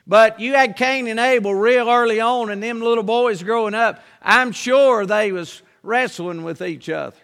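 A man preaching a sermon, praying in a reverent low voice and then preaching in an emphatic, folksy way. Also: moderate pace, few pauses, fairly bright tone.

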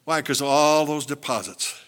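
A man's voice: on the high side, normal speed, smooth. An older man, a pastor, preaching a sermon and telling stories, acting out the quoted lines. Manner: animated storytelling, acts out quotes.

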